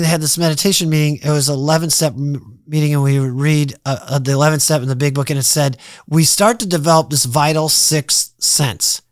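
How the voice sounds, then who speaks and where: A middle-aged man, a podcast guest, telling his story in a casual, animated way, acting out his past thoughts and swearing freely. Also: on the high side, no echo, studio quality.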